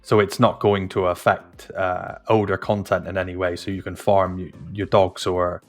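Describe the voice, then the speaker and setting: Man, low voice, hesitant, lots of ums, podcast co-host, faint music. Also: little pitch movement, normal speed. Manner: hesitant, many restarts and ums. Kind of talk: casual podcast chat.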